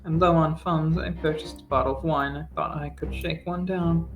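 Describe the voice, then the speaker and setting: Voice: medium pitch, steady tone, normal speed. Tabletop player, wry and blunt, faint music underneath. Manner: wry, cursing asides. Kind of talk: tabletop role-play.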